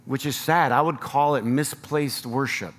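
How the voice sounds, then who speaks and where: A man's voice: medium pitch, a little slow, fairly bright tone, in a large hall. An American man preaching a sermon as pastor, earnest and rising to emphatic appeals. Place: church sanctuary.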